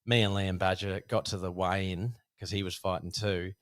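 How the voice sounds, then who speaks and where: A man, a guest telling a casual, animated story about his boxing past with many fillers. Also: low voice, normal speed, clear, resonant tone. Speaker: podcast guest, former Thai boxer.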